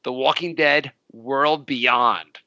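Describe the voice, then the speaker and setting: A man's voice: mid-range voice, takes it slowly, background noise. A man co-hosting a podcast, teasing and joking with casual profanity. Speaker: podcast co-host. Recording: dry, slightly dull audio.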